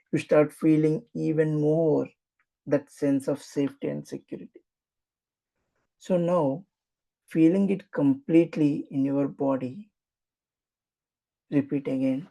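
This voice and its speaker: A meditation guide leading a slow, soothing affirmation practice with repetitive instructions. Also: medium pitch, creaky, warm tone, rough recording.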